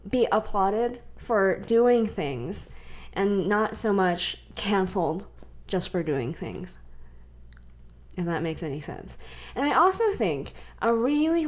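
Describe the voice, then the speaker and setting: A young adult woman from the US West Coast, co-hosting a podcast in casual chat, animated and laughing between points. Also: medium pitch. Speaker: podcast co-host.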